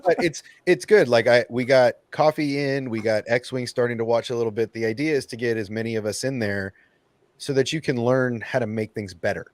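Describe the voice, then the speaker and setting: A man hosting a casual group livestream chat, talking in an animated way and acting out his own nervous thoughts. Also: medium pitch, fairly quick, no room sound. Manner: animated, acts out nervous inner voices. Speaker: channel host.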